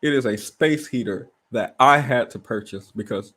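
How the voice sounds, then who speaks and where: A man hosting a casual livestream from a rented room indoors, telling stories in an animated way and firing off rhetorical questions. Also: medium pitch, moderate pace. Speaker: livestream host.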